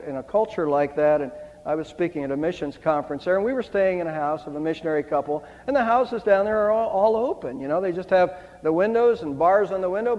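A man's voice: high-pitched, darkish tone. An older man preaching an Easter sermon, reading scripture aloud with emphasis. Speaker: pastor. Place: church sanctuary. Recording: dull sound with long hall reverb.

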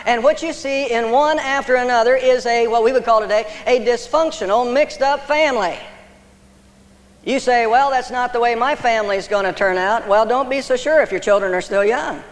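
A man preaching a sermon as pastor, emphatic, with pauses for effect. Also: very high-pitched, in a large hall.

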